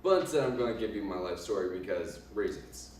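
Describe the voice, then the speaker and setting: A cocky 1920s gangster boss tells his tale in a low voice with a put-on Italian accent, as a man performs him for a class. He speaks haltingly, with many ums and uhs. The sound is very echoey and comes from a distance off the mic. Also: expressive, a little mellow, a little hiss or hum. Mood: boastful. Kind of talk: in-character class presentation. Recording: echoey room from far off.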